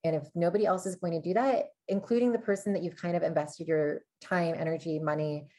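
A woman's voice: fairly low pitch, steady tone, fairly quick, warm tone. Candid young woman telling stories. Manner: candid storytelling, many fillers. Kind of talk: casual advice chat.

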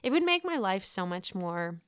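A woman's voice: mid-range voice, very animated, moderate pace, clean tone, dry recording, studio quality. A young woman hosting a casual podcast, recapping a reality show in a chatty, gossipy way and swearing freely. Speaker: podcast host.

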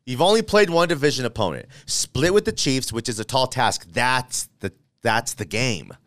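A man hosting a casual sports talk show, debating playoff chances in an animated, playful way and thinking out loud. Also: medium pitch, moderate pace, no room sound.

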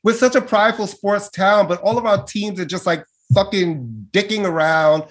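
A man co-hosting a podcast in casual chat, animated and swearing freely as he rants. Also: sits high, normal speed, slight background noise. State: frustrated. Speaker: podcast co-host.

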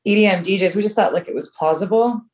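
A woman's voice: mid-range voice, fast, a little mellow. Chatty woman telling a rambling story. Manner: rambling storyteller, many fillers and restarts. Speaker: filmmaker guest. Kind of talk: casual interview chat.

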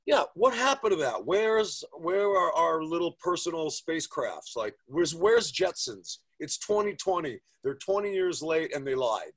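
Husky guy, swears a lot, animated storytelling, casual podcast chat. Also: fairly high pitch, measured pace, hardly any pauses.

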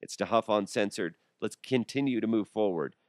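On his casual solo podcast, a Colorado man in his thirties rambles and jokes with frequent restarts, his voice worn from a recent illness. He talks briskly in a lowish, slightly mellow voice. The recording is studio quality and free of echo.

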